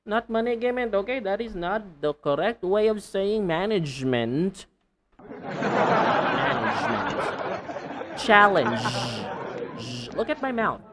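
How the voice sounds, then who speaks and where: A man teaching English pronunciation, slowly repeating words one by one and joking between them. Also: sits high, animated, background noise. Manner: slow deliberate repetition of words, playful and laughing. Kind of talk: pronunciation lesson.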